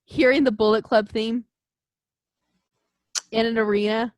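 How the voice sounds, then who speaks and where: A woman co-hosting a podcast in casual chat, excitable and gushing, swearing freely. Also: a little high, unhurried, no room sound. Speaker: podcast co-host.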